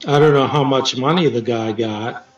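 A man, a poet, telling stories as an interview guest in a halting way, with many restarts and dry teasing. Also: medium pitch. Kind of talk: casual storytelling interview. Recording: roomy, distant, dull sound with faint music.

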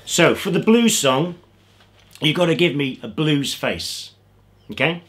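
Slow, playful man. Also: on the high side, big pitch swings. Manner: playful, coaxing, talks straight to children. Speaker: children's music entertainer. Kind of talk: singalong lesson for kids at home. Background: loud guitar music.

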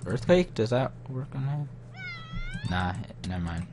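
A man's voice: medium pitch, big pitch swings, unhurried, a little mellow, slight background noise. A young man muttering to himself as he comments casually on his game, getting easily frustrated. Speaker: gaming channel host.

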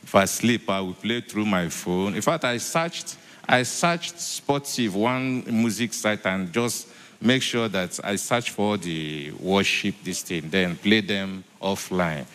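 A man giving a church testimony, halting, repeating himself and filling with many hesitations. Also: on the low side, a bit bright. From Nigeria. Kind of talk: spoken testimony. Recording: echoey church hall.

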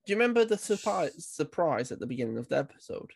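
Young guy cohost, awkward and giggly, rambles, kinda high voice, dry mic. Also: sing-song, quick pace, creaky, husky, no room sound. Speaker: co-host. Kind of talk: casual podcast chat. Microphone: desk mic that crackles.

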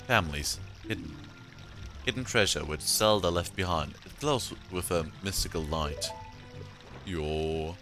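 Deep-voiced man swearing through gameplay. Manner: excitable, swears a lot, laughs often. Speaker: let's play gamer. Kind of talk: casual gameplay commentary.

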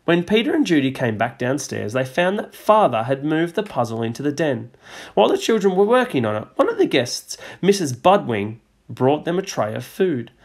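A man teacher reading a storybook aloud to a class, measured and expressive. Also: a little high.

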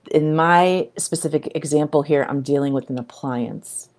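A middle-aged woman talking casually to camera as a coach, animated and breaking into excited exclamations. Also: sits low, creaky. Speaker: video creator and coach.

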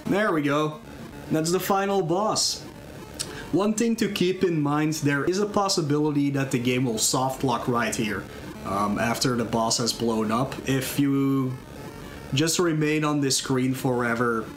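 In an unhurried, medium-pitched voice, a speedrunner casually walks viewers through the game he's playing live. He stays relaxed, explaining as he plays, checking the chat between moves while game music runs underneath.

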